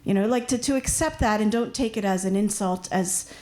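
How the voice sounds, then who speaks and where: A woman from Washington D.C. speaking on a panel discussion, chatty and animated with lots of asides. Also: mid-range voice, fairly quick. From United States, Washington D.C.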